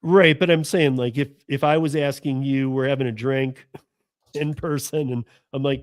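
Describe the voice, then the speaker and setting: A man's voice: medium pitch, measured pace, no echo, studio quality. A man hosting a podcast, chatting animatedly and jokingly, with frequent restarts. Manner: animated, joking, full of restarts and mock voices. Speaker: host. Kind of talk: casual podcast conversation.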